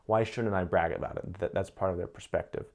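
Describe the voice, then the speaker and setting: Deep-voiced man musing over personality types. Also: fairly even intonation, fairly quick, creaky, darkish tone. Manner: thoughtful, repeats words while searching for phrasing. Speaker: personality analyst commentator. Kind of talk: casual analytical commentary.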